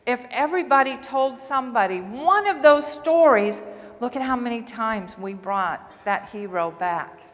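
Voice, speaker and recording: A woman nursing assistant and coach giving an earnest, animated storytelling speech to a large audience. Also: on the high side, measured pace. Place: large hall before several hundred people. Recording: long reverb of a large hall.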